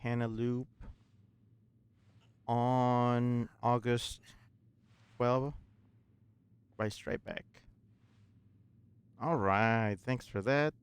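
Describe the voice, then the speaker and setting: A man's voice: mid-range voice, takes it slowly, long pauses, clear, resonant tone. A man casually commenting on his gameplay with playful, goofy asides. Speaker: streamer.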